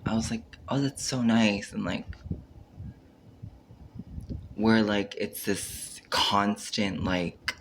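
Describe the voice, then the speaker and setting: A man's voice: fairly low pitch, slow pace, pauses often, a bit bright, slight background noise. A man rambling through a casual monologue on camera, full of filler words, acting out his own reactions and trailing off mid-sentence. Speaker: vlogger.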